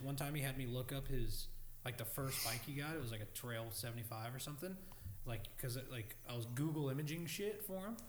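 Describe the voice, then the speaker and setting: A man's voice: fairly high pitch, reverberant. A man telling anecdotes in casual podcast chat, swearing and laughing as he acts out quotes. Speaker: podcast guest, barber.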